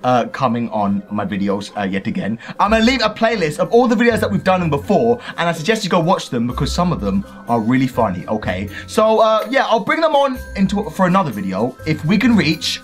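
A man's voice: on the high side, big pitch swings, a little fast, hardly any pauses, faint music behind. Guy vlogger rambling thru his outro, voice goes up and down a lot. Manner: rambling, many fillers, laughs a lot. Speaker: vlogger host. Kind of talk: casual vlog sign-off.

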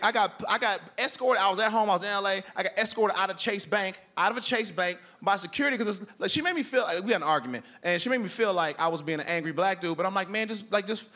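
Animated man telling a stand-up story. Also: sits high. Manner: animated storytelling, acts out both sides of an argument. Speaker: stand-up comedian. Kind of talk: stand-up routine. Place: comedy club stage.

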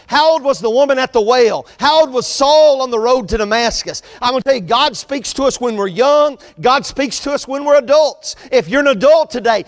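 A man preaching an earnest sermon as pastor of his church, repeating his points in a steady preaching cadence. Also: extremely high pitch, in a large hall. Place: church sanctuary.

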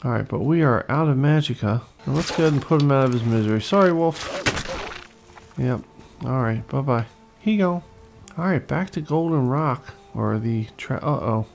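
A gravelly-voiced man gives casual, excitable commentary while he plays, cursing and taunting the enemies. Faint game music sits behind him. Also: medium pitch, normal speed. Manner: excitable, swearing, talks to enemies. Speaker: let's play host.

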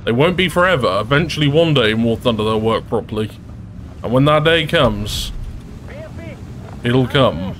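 A man giving chatty, excitable commentary over his own gameplay as a regular gaming creator, often laughing. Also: mid-range voice, moderate pace, long pauses, slight background noise. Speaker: gaming YouTuber.

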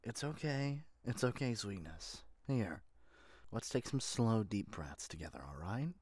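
A man in an audio boyfriend role-play, calling out and then gently soothing and coaxing. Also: fairly low pitch, animated, unhurried, dry recording.

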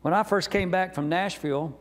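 This guest speaker from North Carolina delivers his sermon testimony in a high-pitched voice, a little fast. Warm, folksy and earnest, he tells his story in a church sanctuary whose sound rings with reverb.

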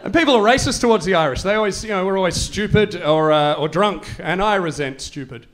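Male stand-up, rambling, self-deprecating delivery with restarts, pitched a bit high. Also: expressive, a little fast. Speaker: stand-up comedian. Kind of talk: stand-up comedy set.

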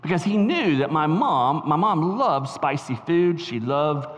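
A middle-aged male pastor with a Southern US accent, preaching a lively storytelling sermon. His voice sits fairly high for a man and moves between soft, quiet asides and emphatic near-shouts. It rings with the long reverb of a church sanctuary. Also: measured pace.

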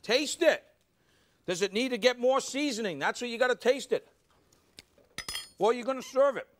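Exuberant high-voiced man hosting a cooking show. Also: lively intonation, moderate pace, fairly bright tone, a little hiss or hum. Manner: exuberant, talks straight to the studio audience. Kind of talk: live cooking demonstration. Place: TV studio kitchen. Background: faint studio audience.

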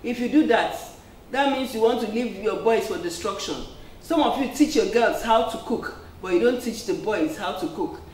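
A woman's voice: fairly high pitch, animated, normal speed, darkish tone, slight background noise. A woman preacher giving an earnest sermon, peppered with "amen" and "praise the Lord". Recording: echoey room, distant mic.

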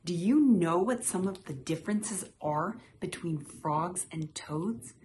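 A woman reading a children's picture book aloud as a storytime host, telling it in a clear, expressive way. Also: lowish voice, takes it slowly, slight background noise. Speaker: storytime reader.

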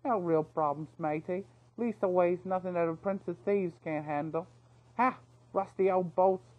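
A man's voice: high voice, narrow, tinny audio, voice pushed up. A man doing a cocky, chattering mouse thief. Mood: boastful. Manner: boastful, cheeky, rapid patter.

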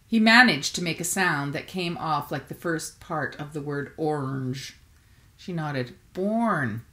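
Low-voiced woman author reading aloud. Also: unhurried, pushed and bright. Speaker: author reading her book. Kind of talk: audiobook narration.

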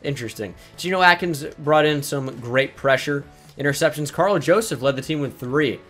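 A man's voice: fairly high pitch, normal speed, fairly bright tone, soft background music. Blunt, exasperated young man commenting on gameplay. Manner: blunt, exasperated, swears freely. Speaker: gaming YouTuber.

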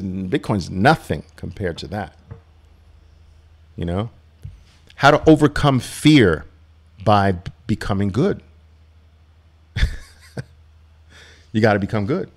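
A middle-aged man hosting a live Q&A on trading, telling stories in a casual, animated way and acting out quotes with big jumps in pitch. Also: gravelly. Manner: animated, acts out quotes with sharp rises in pitch, laughs often.

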